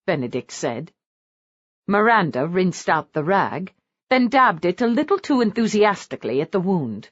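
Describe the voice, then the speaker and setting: A woman narrating a romance audiobook in an expressive, animated reading. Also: fairly low pitch, normal speed, dry recording. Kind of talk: scripted narration. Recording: slightly dull dry recording.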